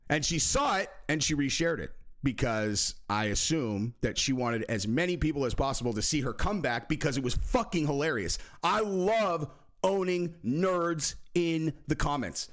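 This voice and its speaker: A man hosts a casual vlog, swearing and joking as he goes. His voice sits a little high and swings widely in pitch, with plenty of fillers in his loose delivery. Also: normal speed. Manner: animated, profane, jokey, many fillers. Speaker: host.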